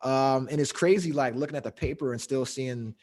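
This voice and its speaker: A man's voice: medium pitch, brisk, darkish tone. A young adult man hosting a casual podcast, telling loose, profane stories with frequent laughs. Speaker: podcast host.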